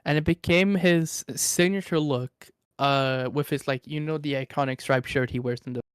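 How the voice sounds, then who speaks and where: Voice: mid-range voice, steady tone, normal speed, smooth, dry recording. Swedish accent, streamer guest, rambling lore, casual swearing, dry sound, mic cutting out. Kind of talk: casual livestream chat, telling lore. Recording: microphone cutting in and out.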